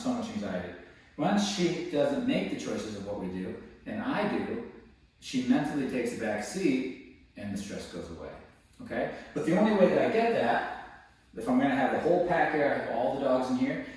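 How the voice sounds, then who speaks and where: A man teaching dog training, explaining calmly and switching to high coaxing praise for the dog. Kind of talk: hands-on training lesson. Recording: very echoey, distant mic, faint noise.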